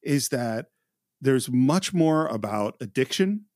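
Animated male podcast host, dry sound. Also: mid-range voice, takes it slowly, dry recording. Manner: animated, restarts often, acts out quotes. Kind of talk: casual film discussion.

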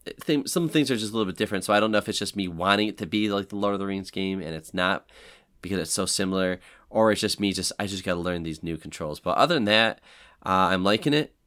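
A man with a very low voice chats loosely about games on a podcast. He rambles and fills his talk with pauses and restarts. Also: fairly bright tone. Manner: rambling, many fillers. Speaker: podcast co-host. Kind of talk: casual chat.

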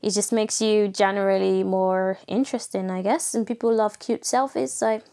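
A woman's voice: fairly even intonation, normal speed, mellow. A young woman hosting a casual solo podcast, chatting with an American-leaning accent and laughing often. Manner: chatty, laughs often, acts out quoted people in higher voices. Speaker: podcast host.

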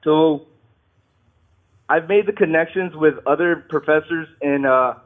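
A nervous, shaky man calling into a show, talking haltingly, apologizing and restarting his sentences. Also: fairly high pitch. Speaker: caller. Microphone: phone. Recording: tinny phone line.

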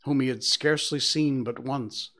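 A man reading a classic story aloud, measured and hushed in quiet passages. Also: mid-range voice, steady tone. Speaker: narrator.

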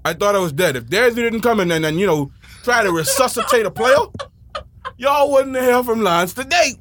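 A man telling a wild childhood story in a slangy, excitable way, shouting at the big moments. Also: high-pitched, moderate pace, slight background noise. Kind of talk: animated casual storytelling.

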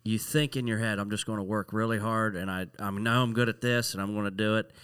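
Low, bright-voiced man musing on air. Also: steady tone, clean tone, no room sound, studio quality. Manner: reflective, halting with many fillers. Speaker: podcast guest. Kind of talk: casual podcast chat.

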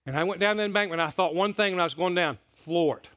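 A middle-aged man preaching a sermon, telling stories with big swings from loud excitement to hushed quiet. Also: high-pitched, fast talker, highs cut off. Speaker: pastor.

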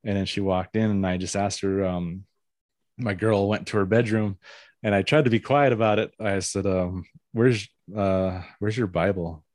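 Deep-voiced man telling a rambling story. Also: steady tone, moderate pace, no room sound. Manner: rambling, full of "you know" fillers, laughs now and then. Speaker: guest telling a personal story. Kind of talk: casual first-person storytelling.

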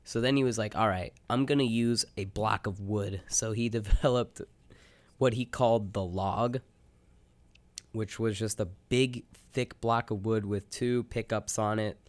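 A man's voice: fairly low pitch, fairly even intonation, measured pace, no room sound. A young man co-hosting a college radio show, rambling casually with lots of "like" and "you know". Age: young adult. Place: radio studio. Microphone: studio microphone.

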